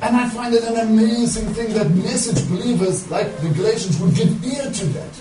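A high-voiced man preaches a fervent sermon, pressing his points and checking in with the congregation after each one. He sounds distant in an echoing church, with music playing beneath him. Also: moderate pace. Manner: impassioned, rhetorical, checks in with 'yeah?'. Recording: echoey room from far off, music underneath.

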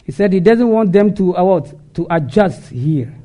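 A man preaching a sermon, asking rhetorical questions and answering them, sometimes shouting. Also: high voice, animated, moderate pace.

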